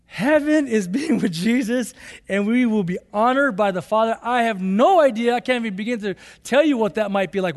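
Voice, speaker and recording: A man preaching a sermon as pastor, emphatic and repetitive, rising to excited bursts. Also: high-pitched, big-room sound.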